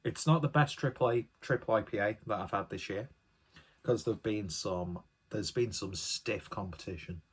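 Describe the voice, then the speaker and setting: A man's voice: fairly low pitch, normal speed, husky. A man giving a casual solo beer review, chatty and enthusiastic, often rambling off on tangents.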